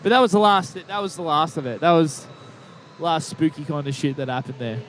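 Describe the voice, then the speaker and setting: A man's voice: on the high side, a little fast, fairly bright tone, a little hiss or hum. A man co-hosting a podcast, telling long rambling stories in casual chat, swearing freely and laughing at his own tales. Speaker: podcast co-host.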